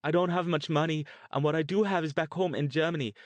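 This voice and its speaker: A man's voice: fairly high pitch, steady tone, fast, dry recording, pitched above the performer's own voice, close to an everyday voice. A man voicing a frightened, defiant mother held captive, talking in a pleading, fierce way in an audiobook. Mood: desperate.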